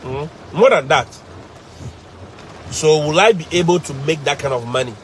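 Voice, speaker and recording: Animated Ghanaian man telling stories. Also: on the high side, moderate pace, slight background noise. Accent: Ghanaian English. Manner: animated, emphatic, repeats phrases for effect. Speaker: teacher. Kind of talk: casual storytelling to live viewers.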